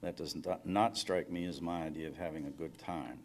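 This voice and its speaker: Man reading as a cool evasive phone-line woman, curt, deep voice, faint hum. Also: steady tone, normal speed. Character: guarded woman phone-sex operator. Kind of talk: live fiction reading.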